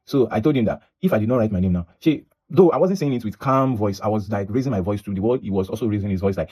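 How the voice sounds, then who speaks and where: Fast-talking Nigerian man telling a story. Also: on the low side, lively intonation, dark tone. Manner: rambling, restarts and repeats himself, mixes in Pidgin. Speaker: vlogger. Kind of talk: casual storytelling monologue.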